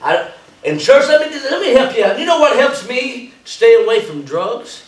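A man preaching a revival sermon in a church, breaking into laughing, shouting bursts. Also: very high-pitched, sing-song, normal speed. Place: church sanctuary. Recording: roomy echo from far off. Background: congregation calling out.

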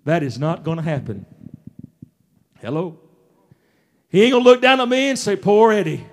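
A man preaching a fervent revival sermon, swinging between shouts and hushed asides. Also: a little high, wildly swooping pitch, normal speed. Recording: taped sermon.

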